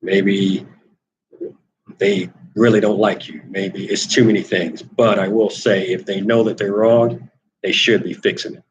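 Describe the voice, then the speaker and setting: A man's voice: lowish voice, level tone, measured pace, low-quality recording. A man hosting a solo talk monologue, wry and rambling, repeating words as he thinks, turning emphatic when he argues a point. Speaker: host.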